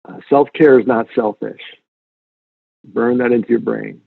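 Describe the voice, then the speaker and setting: A man with a slightly husky voice talks earnestly as an interview guest, repeating key points for emphasis. His voice comes through a thin, phone-like line. The sound is close and dry. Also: medium pitch, a little slow, no room sound. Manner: earnest, animated storyteller, emphatic repetition. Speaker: guest speaker. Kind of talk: conversational interview.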